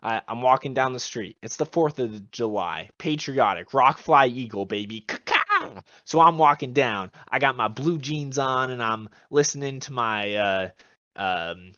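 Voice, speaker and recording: A man's voice: mid-range voice, measured pace, fairly bright tone, no echo. A man co-hosting a casual comedy podcast, telling goofy, absurd tall tales in a joking manner. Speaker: podcast co-host. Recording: dull lo-fi sound, dry.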